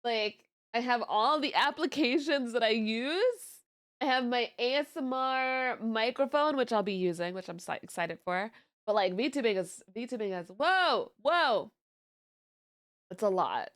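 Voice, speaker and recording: A woman's voice: fairly high pitch, a little slow. Chatty, giggly young woman streamer. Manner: chatty, giggly, animated storytelling with voice swings. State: tired. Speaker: VTuber streamer. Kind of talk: casual stream chat.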